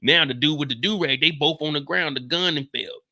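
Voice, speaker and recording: In a fairly high, brisk voice, a show recap commentator tells the story of a TV episode with slang and humor, acting out the scenes animatedly. The studio sound is clean, with no room sound.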